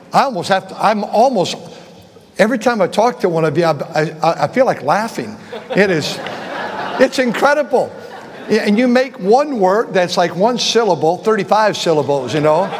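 A man's voice: high-pitched, expressive, moderate pace. An older man pastor telling a rambling, chuckling story from the pulpit during an informal sermon, often restarting his sentences. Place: church sanctuary. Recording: long reverb of a large church hall.

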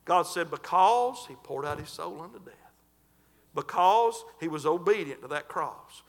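A man preaching a sermon in a fervent, folksy way, stretching and shouting scripture lines. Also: on the high side, expressive, a little slow. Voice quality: folksy, colloquial.

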